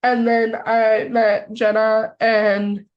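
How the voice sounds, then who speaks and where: An excitable young American woman tells a long story on a podcast. She speaks in a fairly high voice and scatters "like" through every sentence. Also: slow pace, highs cut off, a crowd in the background. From United States. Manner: excitable, filler-heavy with lots of "like". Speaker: podcast co-host. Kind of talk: casual storytelling chat.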